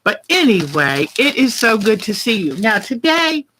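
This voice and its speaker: A woman's voice: on the high side, sing-song, normal speed, a bit bright, slight background noise, poor audio. A middle-aged woman, hosting a casual livestream and chatting in a rambling way as she greets viewers by name. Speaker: quilting livestream host. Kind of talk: casual chat.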